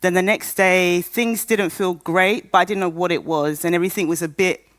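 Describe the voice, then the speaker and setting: A woman's voice: lowish voice, steady tone, normal speed, fairly bright tone, no echo. Candid, humorous woman telling her story. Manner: candid and humorous, acting out quoted voices. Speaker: patient speaker at a conference. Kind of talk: personal storytelling talk. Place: conference stage.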